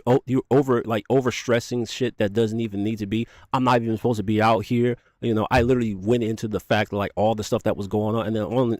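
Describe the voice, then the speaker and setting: A young man casually telling a profane, animated story, acting out quotes as he goes. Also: fairly low pitch, dry recording, studio quality.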